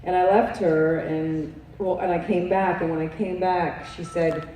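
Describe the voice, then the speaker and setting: A woman's voice: fairly low pitch, little pitch movement, measured pace, few pauses, mellow. A woman with a New York accent, a guest at a convention panel, talking casually and swearing and laughing as she rambles. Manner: chatty, swears, laughs often, rambling restarts. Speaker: interview guest, actress. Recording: roomy, distant mic, faint hiss.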